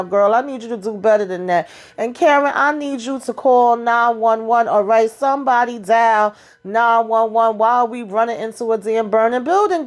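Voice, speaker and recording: A woman's voice: a little high, normal speed. A woman giving a sassy, casual recap of a TV episode, talking to the characters and acting out their lines. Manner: sassy, talks to the characters, acts out the dialogue. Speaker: show recap host.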